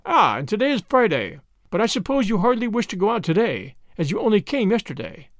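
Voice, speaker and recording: Brief: man doing a cold, scornful schemer lady in a storybook reading, high and lilting, dry sound. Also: a little fast, no room sound. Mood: cool. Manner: calm, mocking, coolly superior. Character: cool, scornful, scheming society woman.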